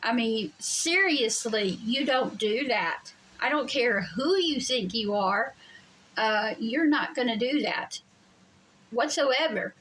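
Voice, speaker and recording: Lady venting on her vlog, kinda high voice, blunt and swears a lot. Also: fairly bright tone, a little hiss or hum, low-quality recording. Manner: blunt, emphatic, swears freely. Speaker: vlogger. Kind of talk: casual storytelling to viewers. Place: home during a storm.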